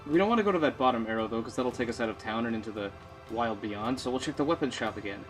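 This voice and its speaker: A man's voice: mid-range voice, lively intonation, fast talker. Self-mocking man doing game commentary. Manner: sarcastic, self-mocking asides. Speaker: let's player. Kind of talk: casual gameplay commentary. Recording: faint game music behind.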